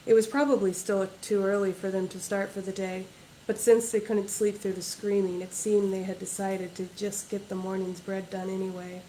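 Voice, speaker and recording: A woman's voice: medium pitch, level tone, moderate pace, warm tone, slight background noise, poor audio. Woman reading her novel aloud, plainly. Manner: plain reading without character voices or accents. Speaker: author. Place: livestreamed book launch.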